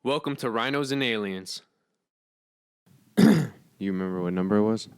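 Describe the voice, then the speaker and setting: A man's voice: fairly low pitch, moderate pace, smooth, dry recording, studio quality. A man co-hosting a casual podcast, cutting in with jokes. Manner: joking interjections. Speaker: podcast co-host.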